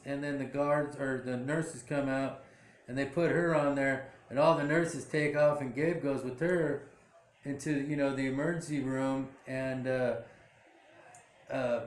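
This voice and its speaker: Rambling man recapping a drama. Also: fairly high pitch. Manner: rambling, full of fillers and self-corrections. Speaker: show recap vlogger. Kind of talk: casual episode recap. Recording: echoey room.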